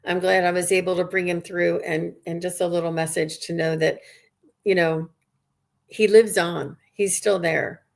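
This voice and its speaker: A woman's voice: on the low side, little pitch movement, moderate pace, gravelly. A woman working as a psychic medium, giving a live reading to viewers in an earnest, rambling way with many restarts.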